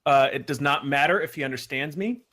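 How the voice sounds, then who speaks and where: A man's voice: a little high, brisk, pushed and bright. A man playing a tabletop game, thinking aloud with a lot of hesitation and restarts. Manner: hesitant, full of ums and restarts. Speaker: player. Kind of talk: casual tabletop game talk.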